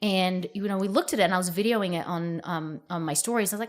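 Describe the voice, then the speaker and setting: An Australian woman, a guest on a podcast, chatting casually and telling animated stories full of acted-out quotes. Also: on the low side, fast talker. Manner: animated storyteller, acts out quotes. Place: podcast studio.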